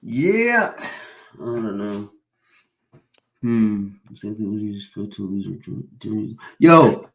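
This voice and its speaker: A man's voice: on the low side, very animated, slow pace, pauses often. A man hosting a stream, rambling in casual chat, swearing constantly and filling gaps with uh and whatchamacallit. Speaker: stream host.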